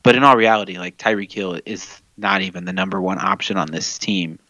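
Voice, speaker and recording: Low-voiced guy chatting on a podcast, laid back, lots of ums, dull dry mic sound. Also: fairly even intonation, brisk, pushed and bright, no echo. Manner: easygoing, laughs often, hesitant fillers. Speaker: podcast co-host. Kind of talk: casual fantasy football chat.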